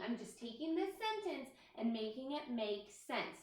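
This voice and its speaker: A woman's voice: a little high, very animated, moderate pace, darkish tone. A woman kindergarten teacher giving a recorded writing lesson to young children, speaking in a sing-song voice with exaggerated inflection. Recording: very echoey room, distant mic.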